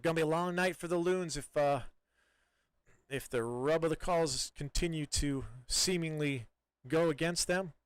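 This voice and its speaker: Chatty male soccer commentator, crisp dry voice. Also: fairly high pitch, normal speed, no echo. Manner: relaxed, chatty, many fillers and restarts. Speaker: play-by-play commentator.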